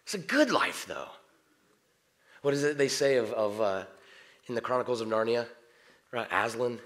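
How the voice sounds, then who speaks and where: A middle-aged man preaches in a church in a loose, conversational way. His pitch moves a lot, and he slips into quiet prayer before bursting out with animated asides. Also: normal speed. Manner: conversational, jumps between hushed prayer and animated outbursts. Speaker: pastor. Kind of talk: sermon. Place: church sanctuary.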